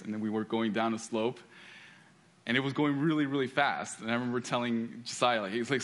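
A man's voice: mid-range voice, a little fast, a bit bright. A man giving a sermon, telling stories with frequent restarts and reading scripture aloud. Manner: storytelling with repeated restarts. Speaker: pastor.

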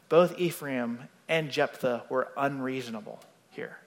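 A man's voice: mid-range voice, a little slow, big-room sound. A male pastor giving an expository sermon in a conversational way, often checking in with "right?".

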